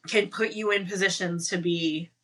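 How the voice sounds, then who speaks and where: A woman's voice: fairly low pitch, normal speed. A woman guest on a casual podcast interview, telling stories animatedly with lots of "like" fillers and frequent laughs. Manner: animated storytelling, many "like" fillers, laughs often.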